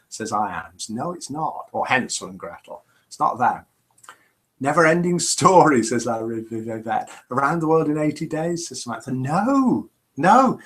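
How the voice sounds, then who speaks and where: A middle-aged man hosts a casual live show, chatty and jokey as he reads out viewer comments. His pitch sits slightly high and swings widely from line to line. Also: a bit bright. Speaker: live show host reading viewer messages.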